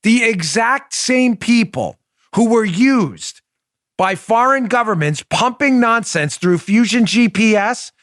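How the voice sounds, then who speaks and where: A man's voice: expressive, slow, a bit bright, no echo. A man hosting a political commentary show, combative and mocking, talking emphatically into a close studio mic. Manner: does a high silly impression voice in bursts. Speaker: host.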